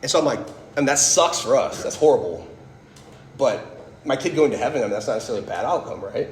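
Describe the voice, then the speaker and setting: A man in his thirties gives a personal faith testimony to a live audience in a casual, storytelling way, leaning on "like" and "right?" as he goes. His voice sits at a middle pitch. The room rings with echo, and a faint hum of ambience sits behind him. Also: expressive, fast, darkish tone. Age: 30s. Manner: conversational, storytelling, frequent "like" and "right?". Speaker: speaker giving a faith talk.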